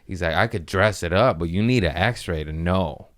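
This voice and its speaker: Man, low voice, smooth and resonant, casual comic storytelling, swears a lot, acts out quotes. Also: normal speed, fairly bright tone. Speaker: comedian podcast host.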